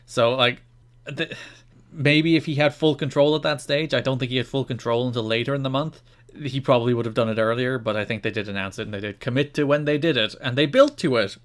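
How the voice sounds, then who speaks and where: Man, podcast co-host, casual chat, animated, exasperated, mid-pitched voice. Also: fast. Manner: animated, exasperated retelling with laughs.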